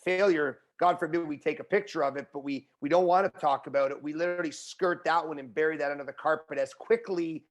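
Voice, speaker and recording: Male motivational speaker as a guest, animated delivery, a little high-pitched. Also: fast, hardly any pauses. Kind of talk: conversational interview.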